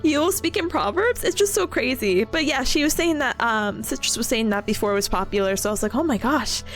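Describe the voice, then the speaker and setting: A woman's voice: fairly high pitch, animated, brisk, faint music behind. A woman streamer chatting casually with her viewers, giggling and laughing often between sentences. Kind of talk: casual livestream chat.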